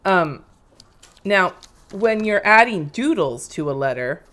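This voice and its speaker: A woman's voice: lowish voice, animated, slow pace, a bit bright. A woman in her thirties casually teaching lettering on a live stream, chatty and rambling as she draws and explains. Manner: chatty, rambling, demonstrates while drawing.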